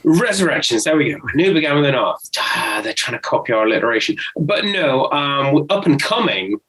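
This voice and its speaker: A man co-hosting a casual film podcast, animated and jokey, swearing freely. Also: medium pitch, fairly quick, rough recording. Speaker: podcast co-host.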